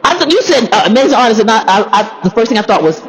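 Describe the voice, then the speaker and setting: A woman's voice: a little high, lively intonation, very fast, a faint crowd, low-quality recording. Chatty, laughing woman artist. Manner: chatty, laughs often, repeats phrases; encouraging and reflective. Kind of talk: casual personal talk to camera.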